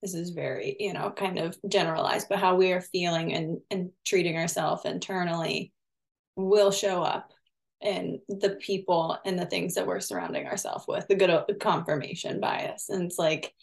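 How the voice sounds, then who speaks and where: A woman's voice: fairly low pitch, steady tone, normal speed, gravelly. A woman co-hosting a podcast, talking casually and thoughtfully, often hedging with "you know".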